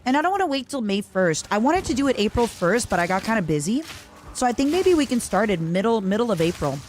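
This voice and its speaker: A woman's voice: fairly high pitch, very animated, quick pace, darkish tone. A young woman streaming a video game, chatting in a rambling, casual way and answering her viewers. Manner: rambling, chatty, reads out chat messages. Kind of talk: casual chat while playing a video game.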